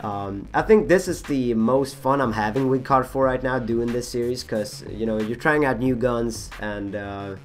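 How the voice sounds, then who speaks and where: A young man with a husky voice rambling through casual gameplay commentary, full of fillers, restarts and self-mocking asides. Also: medium pitch, normal speed, hardly any pauses. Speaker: gaming channel host.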